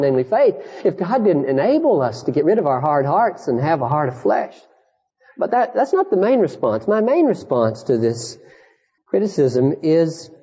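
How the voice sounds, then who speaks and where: Impassioned preacher in a reverberant hall. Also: male voice, slightly rough. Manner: impassioned, rising to high emphatic peaks and dropping to hushed storytelling. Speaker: pastor. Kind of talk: sermon. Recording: dull archival sermon recording in a reverberant hall.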